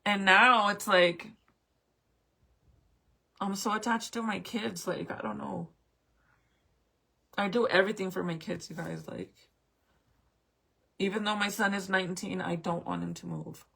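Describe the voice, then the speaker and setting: In a casual confessional to camera, a New Mexico vlogger in her late thirties swears freely, fights tears and laughs nervously while emotional. Her medium-pitched voice is steady, measured and forceful, bright yet creaky with a breathy edge, and she pauses often.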